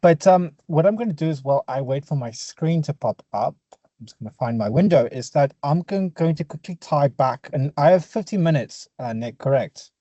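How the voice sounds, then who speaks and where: Young man, Afrikaans South African accent, dark mellow tone, dry muffled video call sound. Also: on the high side, expressive, no echo. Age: young adult. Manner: earnest, quick, apologetic asides. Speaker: webinar presenter, urban planner. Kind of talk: online webinar presentation.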